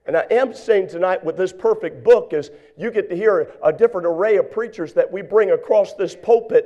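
A pastor preaching a sermon in church, swinging from hushed, quiet lines to shouted, fervent exhortation. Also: male voice, high voice, a little fast, few pauses, lo-fi sound.

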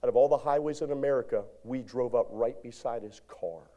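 A male pastor preaching a sermon in a church, animated, moving from shouts to hushed lines and calling out to the congregation. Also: medium pitch, fairly quick, highs cut off. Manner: call-and-response exhortation to congregation. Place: church sanctuary.

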